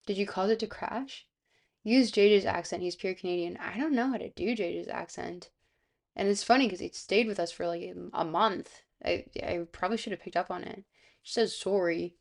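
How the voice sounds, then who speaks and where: A young woman from South Florida, streaming and chatting casually, with vocal fry and a slightly hoarse, sick voice, rambling with lots of fillers. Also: mid-range voice, fairly quick. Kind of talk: casual live-stream chat. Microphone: close streaming microphone.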